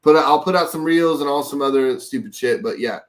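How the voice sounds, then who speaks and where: A man's voice: medium pitch, brisk. A man from Texas hosting a casual sports podcast, talking loosely with lots of swearing and rambling asides. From Dallas, Texas. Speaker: podcast host.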